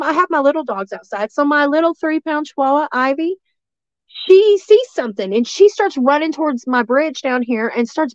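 A woman's voice: high voice, no room sound, muffled recording. A woman from East Tennessee, telling a story as a guest in a rambling way, full of restarts and fillers. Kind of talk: casual storytelling.

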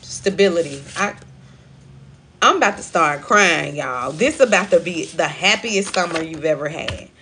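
A woman's voice: lowish voice, animated, unhurried, pushed and bright, a little hiss or hum. Emphatic woman giving a spiritual reading. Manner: emphatic, repetitive, preachy with African American Vernacular phrasing. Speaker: spiritual card reader on a live stream. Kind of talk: live stream tarot-style reading.

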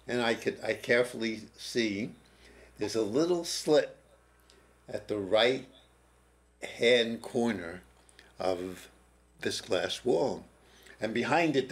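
An older man being interviewed in a TV studio, slowly telling a personal story with pauses and restarts. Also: fairly low pitch. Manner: slow, halting, with pauses and restarts. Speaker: interview guest, former prison teacher. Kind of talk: reflective storytelling.

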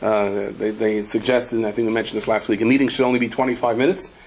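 Rabbi telling lively anecdotes. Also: male voice, fairly low pitch, quick pace, slight background noise. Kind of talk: Torah class.

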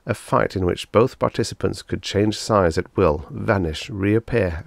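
A man narrating a science fiction short story in a measured, steady reading. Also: fairly low pitch, creaky, no room sound. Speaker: audiobook narrator.

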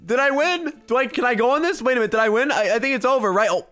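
A young man giving excited gameplay commentary, quick to yell and laugh, with loudness that swings fast. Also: very high-pitched, smooth, faint music behind. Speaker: gaming YouTuber.

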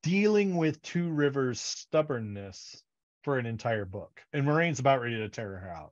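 A man co-hosting a casual fan podcast, animated and laughing, acting out characters' lines as he retells scenes. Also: medium pitch, moderate pace. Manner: animated, acts out quotes, laughs often. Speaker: podcast co-host. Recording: dull lo-fi audio.

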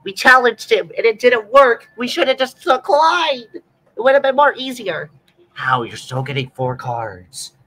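Excitable young woman streamer. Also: a little high, a little slow, poor audio. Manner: bursts of squealing excitement and laughter. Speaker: streamer playing a card game. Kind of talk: excitable gaming chat.

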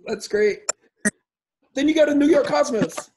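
Podcast host, man; strikingly high pitch, eager interviewer, slight hiss behind. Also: a little slow, a little mellow. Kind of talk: interview questions.

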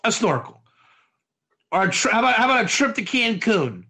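A man's voice: high voice, very animated, brisk, pauses often, sharp tone. A man teaching a Torah class as a rabbi. He explains with modern analogies, keeps quizzing his listeners, and repeats and restarts phrases as he goes. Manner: quizzes the audience with frequent questions.

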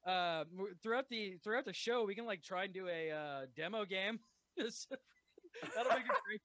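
A man hosting a podcast in loud, excitable, profane casual chat full of fillers. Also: high voice, a little slow, heavy background noise. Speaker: podcast host.

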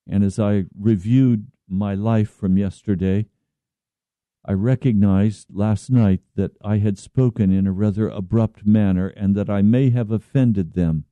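A man preaching a slow, earnest radio sermon as pastor, at times pleading in prayer. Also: fairly low pitch, steady tone, warm tone, dry recording, lo-fi sound.

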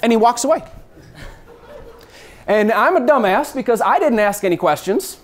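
Animated man telling a travel story. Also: extremely high pitch, normal speed. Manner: lively, acts out scenes, mixes in swearing.

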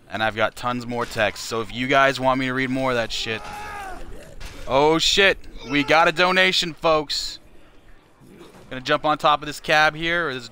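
A man from Canada who rambles through a casual livestream, swearing and cracking jokes. His voice is bright and smooth at a mid pitch, and he keeps the chatter loose and offhand. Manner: crude, joking, rambling. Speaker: livestream fundraiser host.

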